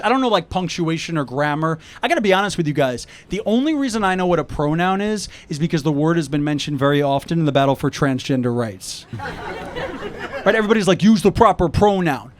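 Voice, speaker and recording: A man's voice: a little high, slight background noise. A male stand-up comedian from New York telling jokes in a conversational way and acting out talks with friends, recorded outdoors on a rooftop. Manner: conversational, acts out dialogue with friends.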